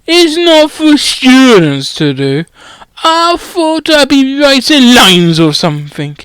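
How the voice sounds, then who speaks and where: A man's voice: very high voice, sing-song, slow pace, fairly bright tone, clear, resonant tone, dry recording, voice pushed up, heavily acted. A man doing a sweary, rambling giant groundskeeper. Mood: fierce. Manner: swears constantly, rambling and blunt. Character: gruff foul-mouthed giant groundskeeper, pub-loving.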